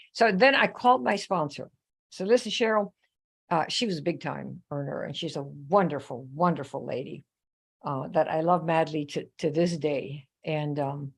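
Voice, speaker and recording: A woman hosting a live coaching session, telling a story in a chatty, animated way and turning to viewers with questions. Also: sits low, vocal fry, slightly rough. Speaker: host. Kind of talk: live online coaching talk.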